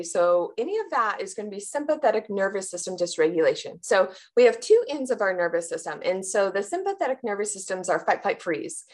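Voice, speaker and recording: A woman who works as a trauma therapist for athletes, answering interview questions in an animated way and acting out panicked inner voices with gasps. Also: medium pitch, a little fast, hardly any pauses.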